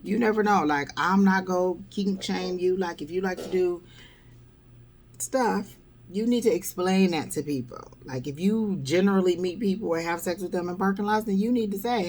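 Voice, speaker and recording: Casting: woman vlogger with a gravelly voice, blunt and wry storytelling. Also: on the low side, moderate pace, a little mellow, a little hiss or hum. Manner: wry, blunt, exasperated, peppered with "blah, blah". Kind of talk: casual storytelling vlog.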